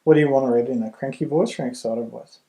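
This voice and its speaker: A middle-aged man talks parents through reading at home, relaxed and explanatory, now and then restarting his words. His mid-pitched voice carries a noticeable room echo. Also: fast talker. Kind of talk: home tutoring demonstration. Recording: roomy echo.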